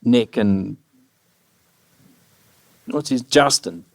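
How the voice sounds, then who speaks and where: Animated man telling stories, dry sound. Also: medium pitch, extremely slow, gravelly, no room sound. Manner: animated storyteller, swears freely, acts out others' lines. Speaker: guest musician. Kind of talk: live on-stage anecdote telling. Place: live stage before an audience.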